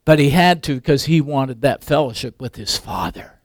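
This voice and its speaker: An older man preaching a sermon, swinging from loud emphatic peaks to quiet asides. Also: mid-range voice, animated, normal speed, no room sound, clean studio sound. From English background.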